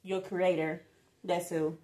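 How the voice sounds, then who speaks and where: A woman's voice: fairly low pitch, little pitch movement, slow, warm tone. A woman giving a casual tarot reading who talks bluntly and swears a lot, speaking straight to her viewers in slang. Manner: slangy, emphatic, bursts of laughter. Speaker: tarot reader.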